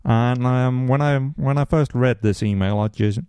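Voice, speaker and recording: A man's voice: medium pitch, measured pace, warm tone, clean tone, dry recording. A man hosting a casual podcast, reading listener mail and answering with rambling asides and dry humor. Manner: rambling, many ums and restarts, dry humor. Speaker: podcast host.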